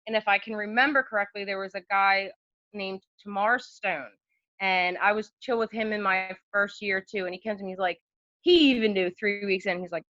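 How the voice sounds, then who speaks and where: A young woman, a podcast guest, telling candid stories in a loose, animated way with lots of fillers. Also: medium pitch, normal speed, no echo. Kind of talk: casual storytelling chat. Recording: dull lo-fi podcast audio.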